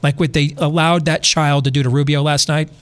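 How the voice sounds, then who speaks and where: A middle-aged man hosts a podcast, his slightly high voice brisk and fairly flat in pitch. He delivers preachy, impassioned political commentary packed with rhetorical questions.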